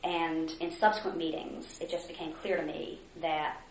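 A woman from Mexico being interviewed, earnestly recounting a story, acting out quotes with hesitant pauses. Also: low-pitched, steady tone. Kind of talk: oral history interview. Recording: roomy echo, faint noise.

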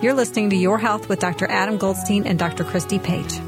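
A woman's voice: mid-range voice, fairly even intonation, fast, loud music behind the voice. Woman doctor hosting a radio show.

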